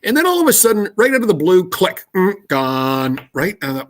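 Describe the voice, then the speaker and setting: A man, a radio host, telling an anecdote in lively conversational style with laughs along the way. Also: high-pitched, a little fast. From Canada. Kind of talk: conversational storytelling.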